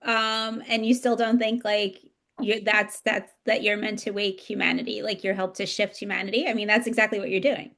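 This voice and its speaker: A woman's voice: medium pitch, little pitch movement, moderate pace, gravelly, fairly bright tone. A woman hosting a casual podcast conversation, rambling enthusiastically with lots of fillers. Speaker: podcast host.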